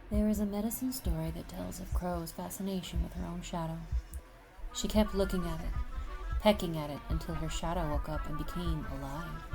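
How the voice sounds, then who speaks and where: A woman reading a scripted podcast intro slowly and solemnly. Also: on the low side, vocal fry. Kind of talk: scripted narration. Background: music bed.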